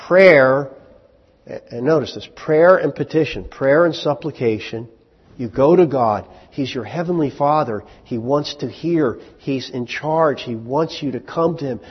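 A male pastor delivers a conversational sermon, putting questions to his congregation and acting out short bits of dialogue in quick voices. His voice is medium-pitched and husky, with the sound of a big room. The recording is muffled and lo-fi.

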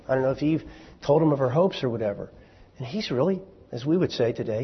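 Speaking fast and very animated, a man with a slightly high, slightly rough voice delivers a sermon to his congregation. His style is wry and conversational, peppered with asides and rhetorical questions. The church hall echoes, and the sound is dull and lo-fi.

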